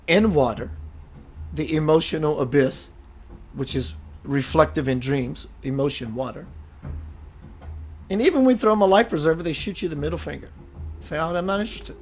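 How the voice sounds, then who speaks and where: A man's voice: on the high side, moderate pace, pauses often. Emphatic preacherly man with light music. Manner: emphatic, preacherly, calls viewers sister and brother. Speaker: spiritual teacher hosting a live show. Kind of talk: live-streamed spiritual talk reading viewer comments.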